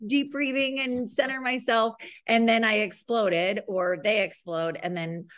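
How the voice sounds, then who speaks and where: A woman hosting a parenting podcast, chatty and quick to laugh while she interviews a guest. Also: fairly high pitch, fairly even intonation, a bit bright. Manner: chatty and giggly, laughs often. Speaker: podcast host. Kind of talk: casual interview talk.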